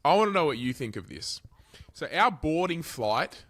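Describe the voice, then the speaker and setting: Animated sweary Australian man. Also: a little high, normal speed. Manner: animated, sweary storytelling, swinging loud and quiet. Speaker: podcast co-host. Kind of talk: casual storytelling chat.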